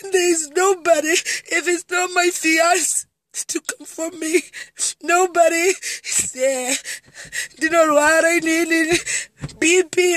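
A woman's voice: very high voice, fairly even intonation, slow pace, a bit bright, dry recording. A distraught Zimbabwean woman in tears, speaking in a repetitive, pleading outburst on a live video. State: tearful and distraught. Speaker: comedian. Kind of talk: emotional live video monologue. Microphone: phone.

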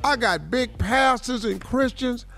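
This male morning radio host's voice is very high, a little slow, creaky and sharp-toned, with soft background music in the studio. Relaxed and full of slang, he keeps saying "man" and "dog" as he swaps stories and offers motivational words in casual chat.

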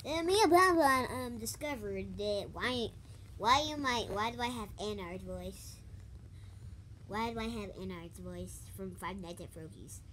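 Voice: medium pitch, measured pace, fairly bright tone, a little hiss or hum, lightly acted. A performer in a fan toy role-play voicing a confused animatronic who rambles and hesitates. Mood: bewildered.

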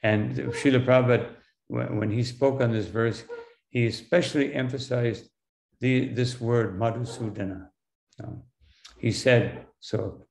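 A man, a monk, lecturing on scripture in a halting way, with many fillers and "no?" tags, slowing down for Sanskrit terms. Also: medium pitch, steady tone, vocal fry, a little mellow, echoey room. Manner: slows for Sanskrit terms and quotes.

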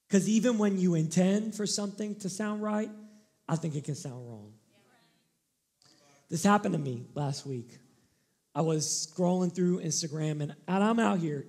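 A male pastor preaching a sermon, animated and emphatic, shifting into candid personal stories. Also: sits high, gravelly.

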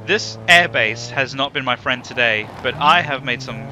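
A man's voice: medium pitch, moderate pace, background noise. Self-mocking gamer man. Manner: self-mocking, rambling, exclaims loudly. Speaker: gaming YouTuber. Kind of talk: casual gameplay commentary.

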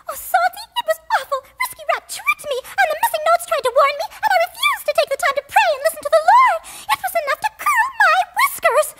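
A woman voicing an ambitious, dramatic young female church mouse in a children's musical audio drama, with a theatrical, excitable delivery. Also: very high-pitched, brisk, heavy background noise. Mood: relieved, eager. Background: music underneath.

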